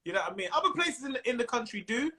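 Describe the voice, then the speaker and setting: Give me a lively London man with a high, bright voice. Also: very fast. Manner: animated, slips into mimicked voices and laughs often. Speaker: comedian guest. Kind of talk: casual chat. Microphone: video call.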